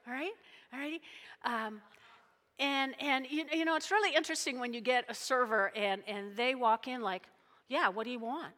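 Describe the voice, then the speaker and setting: A woman's voice: sits high, moderate pace, a bit bright. A woman preaching a sermon in a chatty, joking way, acting out little everyday scenes. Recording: long reverb of a large hall.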